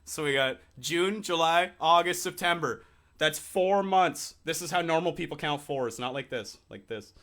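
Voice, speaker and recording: A man's voice: on the high side, normal speed, fairly bright tone. A young man co-hosting a podcast, chatting casually in a laid-back, joking, profane way. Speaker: podcast co-host. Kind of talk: casual chat.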